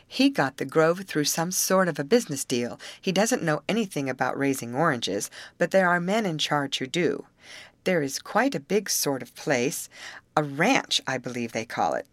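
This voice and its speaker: A woman's voice: sits low, lively intonation, normal speed, dry recording. A woman reading the part of a polite, earnest teenage girl in an audiobook.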